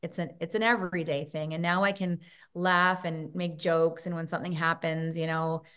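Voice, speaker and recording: A woman talking earnestly in an interview, telling personal stories with animated moments. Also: low-pitched, normal speed, clean tone. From Canada. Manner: earnest storytelling, animated when recounting signs. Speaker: guest.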